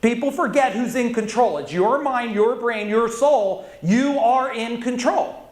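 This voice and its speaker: A man giving a live motivational stage talk to an audience, intense and commanding, calling for shouted answers. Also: extremely high pitch, measured pace. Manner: intense, commanding, leads audience call-and-response. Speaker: motivational speaker. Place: large conference hall with audience. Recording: echoey hall.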